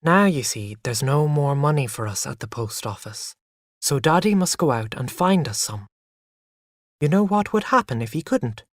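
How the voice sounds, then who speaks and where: A man reading a patient, gentle young mother. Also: mid-range voice, lively intonation, moderate pace, no room sound, studio quality, close to an everyday voice. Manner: soft and soothing, hushed.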